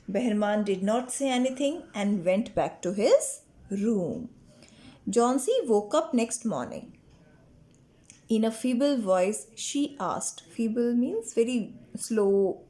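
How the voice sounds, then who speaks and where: A woman's voice: fairly high pitch, mellow. A woman teacher explains a story to her class, defining words and repeating each point patiently. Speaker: English teacher. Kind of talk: explaining a textbook lesson.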